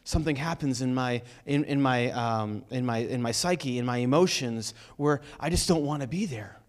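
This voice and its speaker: A man preaching a sermon in a conversational, energetic way, asking the congregation rhetorical questions. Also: medium pitch, moderate pace. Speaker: pastor.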